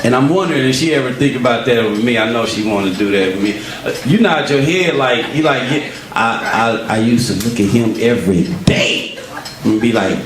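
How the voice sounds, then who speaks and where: A man performing a stand-up comedy set, telling animated stories and acting out voices. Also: mid-range voice, a little fast, noisy background. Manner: animated storytelling, acts out voices. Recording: roomy live club sound from far off. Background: crowd laughter.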